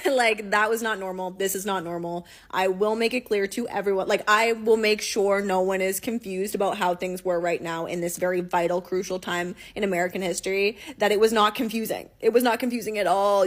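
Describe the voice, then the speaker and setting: A woman's voice: medium pitch, fairly even intonation, a little fast, hardly any pauses. A woman speaking to camera in an emphatic, vowing tone. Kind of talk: impassioned speech to camera.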